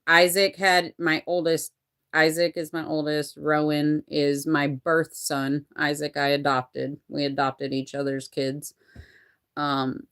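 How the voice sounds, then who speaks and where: A woman in her forties with a low-pitched voice, speaking casually to camera about her own life. She rambles and restarts often and swears without a second thought, in a frank, unpolished tone. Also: smooth. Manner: rambling and candid, with frequent profanity and restarts. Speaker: vlogger telling a personal story. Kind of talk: candid personal storytelling.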